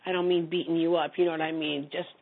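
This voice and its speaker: A woman's voice: low-pitched, little pitch movement, quick pace, vocal fry. A woman sharing a personal story casually in a group call, rambling with many restarts. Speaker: community call participant. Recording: phone-line audio.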